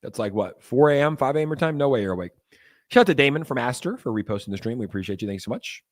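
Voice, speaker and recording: A man's voice: medium pitch, expressive, fast. A young man hosting a casual crypto livestream. He rambles loosely, with lots of fillers, and reads chat messages aloud.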